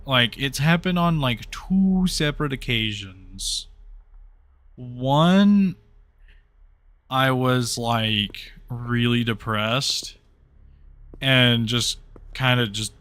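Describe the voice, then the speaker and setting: A man's voice: medium pitch, bright, forceful tone, dry recording. A young man casually commentating a horror game on a livestream, rambling and reading chat messages aloud. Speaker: streamer playing horror games.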